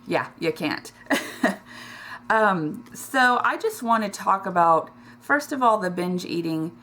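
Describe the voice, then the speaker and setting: A middle-aged woman who vlogs about weight loss speaks emotionally and close to tears, halting often with ums and restarts. Her medium-pitched voice is expressive, bright and forceful.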